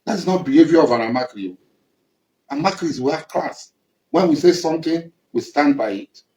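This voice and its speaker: Nigerian man, higher voice, confrontational statement, echoey room. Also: animated, moderate pace, warm tone. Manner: accusing, confrontational, repetitive. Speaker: militant leader addressing rivals. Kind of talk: angry public statement.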